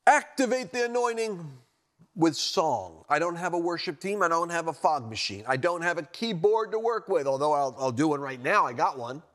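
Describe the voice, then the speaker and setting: A man preaching a sermon-style teaching from a studio, animated, swinging between loud emphatic lines and low quiet ones. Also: moderate pace.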